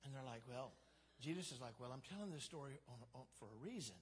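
A man's voice: mid-range voice, expressive, fast, slightly rough. A man preaching a sermon as pastor, in a conversational, humorous way that acts out quotes. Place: church sanctuary. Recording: long hall reverb.

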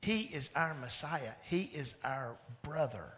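A man preaching a sermon as pastor, animated, moving between loud emphatic lines and hushed ones. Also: fairly high pitch, unhurried.

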